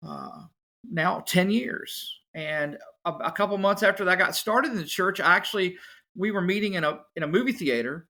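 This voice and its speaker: Rich: A man with a bright, clear tone and a fairly high speaking voice. He tells his story in a casual, animated way and lively acts out the voices of others. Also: normal speed. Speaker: podcast guest, musician.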